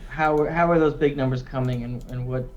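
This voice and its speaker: A man's voice: medium pitch, steady tone, fairly quick, a little mellow, dull audio, a little hiss or hum. A man co-hosting a casual livestream, joking in an offhand way. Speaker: co-host.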